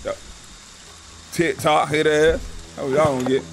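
A man's voice: fairly high pitch, fairly even intonation, normal speed, creaky, rough recording. A man hosting a live gaming stream, ranting and trash-talking his viewers in a profane, casual way over game music. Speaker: gaming livestream host.

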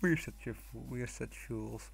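A man's voice: medium pitch, measured pace, gravelly, slightly rough, no echo. A young man commenting casually on a video game, reading signs aloud in mock voices and laughing often. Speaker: gamer.

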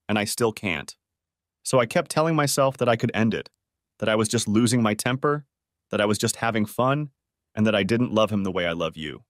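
A man voicing a tired, remorseful wife who pleads and apologizes in a softened, higher voice, with lively inflection. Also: no room sound, studio quality, natural voice.

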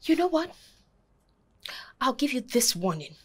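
An actress with a Nigerian accent playing a bold, protective young woman who confronts an abusive husband with sharp, sarcastic defiance. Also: sits high, sing-song, a little slow, exaggerated voice. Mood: scornful. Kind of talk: film acting.

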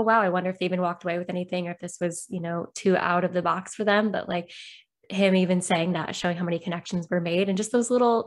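A woman hosting a podcast interview, responding with affirming remarks to her guest. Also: on the low side. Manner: warm, affirming. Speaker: podcast host. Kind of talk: casual interview chat.

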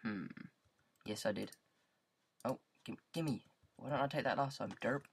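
A man's voice: mid-range voice, measured pace, gravelly, a little hiss or hum. A man with a British accent giving casual, rambling gameplay commentary into a headset mic, goofing around and repeating words in silly riffs. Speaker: gaming YouTuber.

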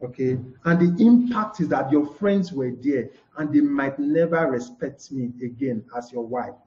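A man's voice: mid-range voice, a little slow, mellow. Man teaching over a live stream. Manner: repeats "okay", asks and answers own questions. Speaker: communication trainer. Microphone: live broadcast mic. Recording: dull echoey room.

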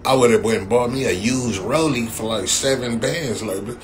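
A man's voice: medium pitch, normal speed, background noise. A man from Compton, hosting a casual livestream and trash-talking in a rambling, repetitive way. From Compton, California. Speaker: livestream host.

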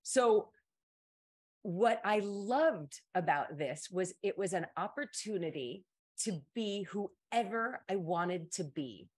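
A middle-aged woman, host of an advice stream, telling a story in a casual chat and jumping into high voices to quote people. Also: lively intonation, slow pace, darkish tone.

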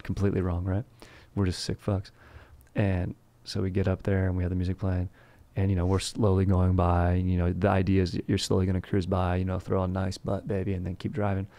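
A man's voice: low-pitched, monotone, fairly quick, mellow, dry recording. A man from California, hosting a comedic history podcast in a rambling, slangy, crude way. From Southern California. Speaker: podcast host.

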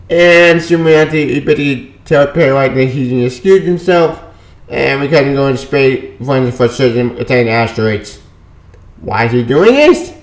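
A man casually reviewing a comic book, dismissive and quick to brush off plot points he doesn't care about. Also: mid-range voice, expressive, reverberant.

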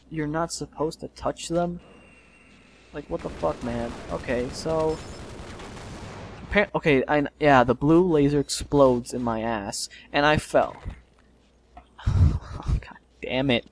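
A young man giving casual let's play commentary, swearing and yelling in frustration as he plays. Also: on the high side, slow, long pauses, slight background noise.

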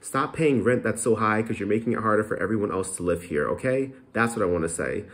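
A man with a somewhat low voice talks straight to the camera in a casual, unscripted vlog. He rambles frankly and fills pauses with plenty of ums and uhs. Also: animated, fairly bright tone. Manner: frank, chatty, rambling with many fillers. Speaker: vlogger.

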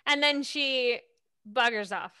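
Bright, unhurried woman game master. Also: sits high, smooth. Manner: playful, amused. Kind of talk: narrating a tabletop game.

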